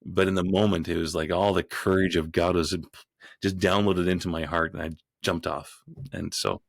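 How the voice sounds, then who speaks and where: A man who is a podcast guest, telling a story in a rambling way with frequent restarts and growing animated as he goes. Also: low voice, moderate pace, creaky, no echo, studio quality. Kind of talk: storytelling in an interview.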